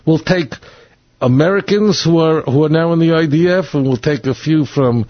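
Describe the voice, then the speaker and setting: A man with a slightly husky voice delivers a blunt, emphatic monologue, hammering the same points again and again. The recording is dry and close, with a dull, lo-fi sound. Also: a little high, normal speed, no echo. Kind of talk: opinionated monologue.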